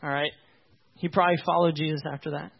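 A man with a fairly high voice delivers a relaxed, conversational sermon. He talks informally and with emphasis, often turning to his listeners to check they follow. The recording sounds dull and lo-fi. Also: quick pace, creaky, breathy edge. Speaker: pastor.

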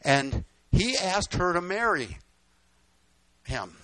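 A man's voice: sits high, big pitch swings, slow pace, bright, forceful tone, no echo. An older man preaching, telling folksy stories with repeated lines and "guess what?" asides. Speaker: pastor. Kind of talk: storytelling sermon.

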